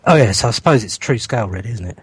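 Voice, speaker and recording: A man's voice: on the low side, animated, quick pace, slightly rough, dry recording. A man co-hosting a hobby podcast, chatting in a rambling, distracted way while he works on a model. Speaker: podcast co-host. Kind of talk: casual chat.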